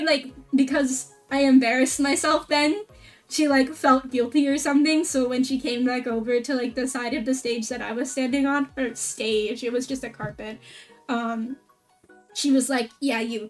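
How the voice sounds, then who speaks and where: High-voiced excitable woman streamer. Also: moderate pace, recorded from a distance, faint music behind. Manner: excitable, rambling, heavy use of filler "like". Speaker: VTuber streamer. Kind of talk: casual stream chat recap.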